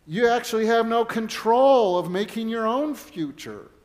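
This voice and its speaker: A man's voice: very high-pitched, animated, a little slow, a little mellow. A middle-aged man, a pastor, preaching a sermon in an earnest way and weaving in personal stories.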